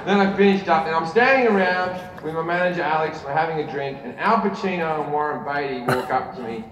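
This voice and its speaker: A man with an Australian accent doing stand-up, telling a story full of swearing and jumping into big voices for the people in it. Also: fast. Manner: swearing, acts out characters in big pitch jumps. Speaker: stand-up comedian. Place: large arena stage. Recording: roomy arena with live crowd, mic heard from far. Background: audience laughter.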